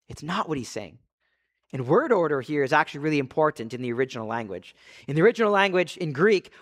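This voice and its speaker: A man, a pastor preaching an earnest, conversational sermon full of rhetorical questions. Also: sits high.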